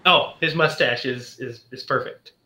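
A man's voice: medium pitch, sharp tone, reverberant, highs cut off. A man hosting a podcast in casual chat, enthusiastic and chatty. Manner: enthusiastic, chatty, retells scenes with quick voices. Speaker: podcast host.

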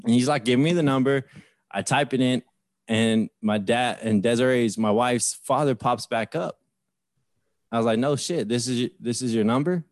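A man's voice: medium pitch, normal speed, no echo, studio quality. A man in his thirties, a podcast host, telling a story in casual chat and acting out the voices of the people in it. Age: 30s. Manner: animated retelling with voiced quotes.

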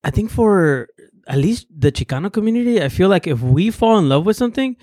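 A man from Southern California, a musician, chatting casually on a podcast, earnest and quick to agree. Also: high-pitched, very animated, mellow, no room sound, studio quality. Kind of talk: casual chat.

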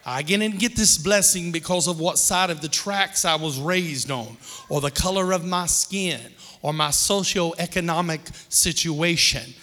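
A man's voice: fairly high pitch, unhurried, few pauses, sharp tone. A man preaching a sermon as pastor to a congregation in a church. He leads call-and-response and adds joking asides. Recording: long reverb of a large hall.

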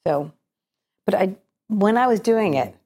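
A middle-aged woman, an actress and cabaret singer, talking as a guest in a radio interview, her voice slightly gravelly today, telling stories in a chatty, reflective way with many restarts. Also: medium pitch, animated, measured pace, warm tone.

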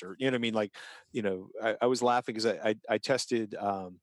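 A man's voice: lowish voice, steady tone, a little fast, dry recording. A man co-hosting a podcast in casual chat, talking in a rambling, self-interrupting way with chuckles. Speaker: co-host.

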